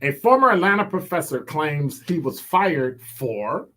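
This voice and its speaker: Male call-in radio host: animated and playful, slightly raised pitch, quick joking asides. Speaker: radio talk show host. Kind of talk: talk radio monologue.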